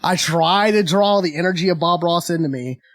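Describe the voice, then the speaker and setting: A man hosting a podcast in casual chat, excitable and full of halting fillers and laughter. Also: sits high, no room sound. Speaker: podcast host.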